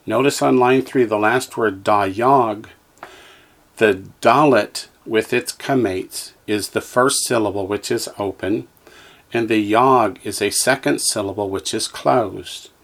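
A man with a lowish, slightly slow voice teaches a language lesson. He enunciates each syllable carefully so the listener can repeat it, and he explains every exercise in a slow, drill-style reading.

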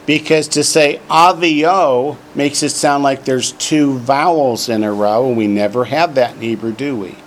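A man's voice: mid-range voice, a little hiss or hum. A man teaching a Hebrew class, drilling word forms for the students to repeat and slipping in jokes. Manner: slow, drawn-out drilling of words for repetition; joking asides. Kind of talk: classroom lesson.

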